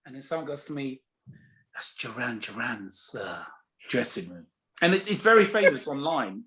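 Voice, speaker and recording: A man, a comedian guest, telling a casual story and acting out the people in it with big jumps in his voice. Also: moderate pace. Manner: animated, acts out quoted voices with big pitch jumps.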